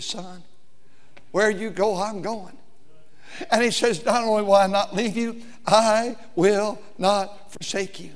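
A man with a very high voice preaches to his congregation, swinging between loud, fervent repetition and hushed near-whispers. He breaks into snatches of hymn singing mid-sermon. The sound rings with the long reverb of a church sanctuary. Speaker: pastor.

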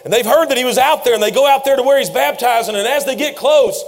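A man preaching a sermon, retelling scenes with rising passion and frequent shouts. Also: extremely high pitch. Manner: impassioned storytelling preacher, often shouting.

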